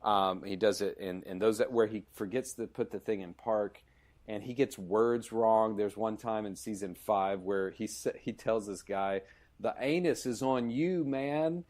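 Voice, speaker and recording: A low-pitched man hosts a casual podcast chat. He talks with eager enthusiasm, rambling through stories with many restarts and asides. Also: level tone, normal speed, darkish tone. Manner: enthusiastic, rambling, retells scenes with laughs. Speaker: podcast host. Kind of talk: casual conversation.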